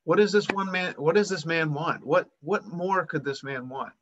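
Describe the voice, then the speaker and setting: A man's voice: a little high, moderate pace, dull audio, background noise. A man preaching a sermon, retelling a Bible story and acting out its voices with rising emphasis.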